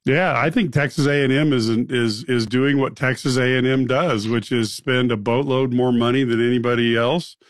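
A man's voice: medium pitch, fairly even intonation, moderate pace, hardly any pauses, dry recording, studio quality. Wry man trading quips on sports radio. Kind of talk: casual sports picks chat. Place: radio studio.

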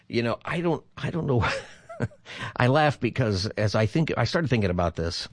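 A man's voice: mid-range voice, very animated, moderate pace, no echo. A man in his fifties hosting a call-in radio talk show as a pastor, chatty and rambling, laughing easily as he talks.

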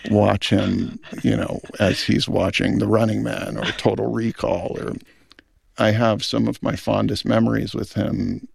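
A man's voice: lowish voice, flat delivery, unhurried, gravelly, breathy edge, no echo, studio quality. A middle-aged man, a film director, speaking in an earnest, thoughtful interview. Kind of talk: reflective interview talk.

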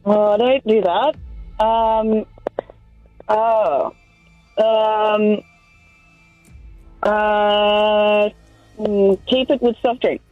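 A woman's voice: mid-range voice, fairly even intonation, very slow, pauses often, dry recording, narrow, tinny audio, faint music behind. A woman calling into a radio game, hesitant and giggly. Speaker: caller.

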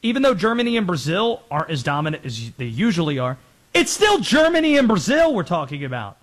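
A man hosting a sports show, talking through teams and players in quick, conversational commentary that often corrects itself. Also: sits high, very animated.

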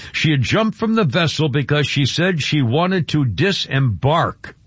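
A radio talk host, a man, chats along in a loose, rambling way, tripping over words and circling back. His voice sits a little high. The sound is dry and a bit muffled, like a studio mic on air. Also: big pitch swings, measured pace, fairly bright tone, breathy edge, no room sound. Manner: rambling, stumbling over words, chuckling asides. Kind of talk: casual rambling chat.

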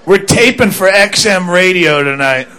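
A man's voice: high-pitched, animated, unhurried, noisy background. A man doing crude, rambling stand-up while sick with the flu, recorded live in a club. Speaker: stand-up comedian. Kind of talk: stand-up comedy.

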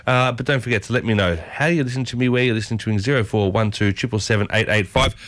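A man's voice: lowish voice, quick pace, a bit bright, no room sound. A man hosting a breakfast radio show, chatty and upbeat, talking straight to his listeners. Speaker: radio host. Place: radio studio.

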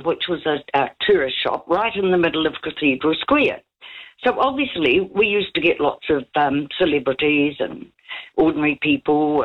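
New woman in her 60s, giggly rambling caller, lowish voice, dull lo-fi radio line. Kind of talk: call-in story telling.

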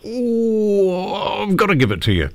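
A man's voice: sits low, big pitch swings, moderate pace, dry recording. A man with an Australian accent hosting a casual phone-in radio show, chatty and jokey. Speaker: radio host.

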